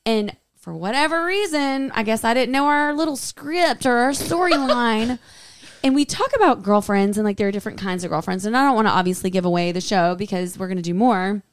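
A woman co-hosting a podcast, telling a story in an animated way with frequent laughs. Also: fairly high pitch, fairly quick, clean tone. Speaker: podcast co-host. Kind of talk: casual chat.

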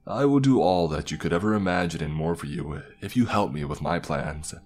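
A man voicing a genderless, all-knowing being at the edge of the internet, speaking slowly and plainly. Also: sits low, animated, a little mellow. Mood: ominous. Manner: slow, plain, commanding.

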